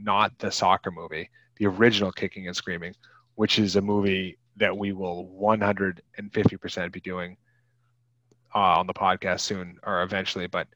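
A man's voice: low voice, fairly bright tone, no room sound. A man in his thirties co-hosting a casual movie podcast, rambling with lots of fillers and restarts. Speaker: podcast co-host. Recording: dull lo-fi podcast mic.

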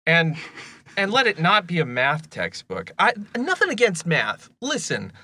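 A man co-hosting a podcast, chatting casually in an animated, self-deprecating way, often stumbling and restarting his sentences. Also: a little high, a little slow. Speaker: podcast co-host.

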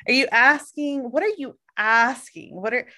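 A woman from the United States in casual conversation, telling stories with lively quoted voices. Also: a little high, normal speed. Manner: animated storytelling, acts out quoted people.

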